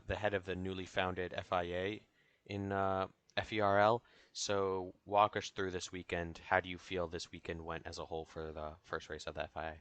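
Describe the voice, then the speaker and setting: Low voiced young guy hosting a casual talk show, loose and jokey, lots of ums. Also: fairly bright tone, clean tone, dry recording. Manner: loose, filler-heavy and joking.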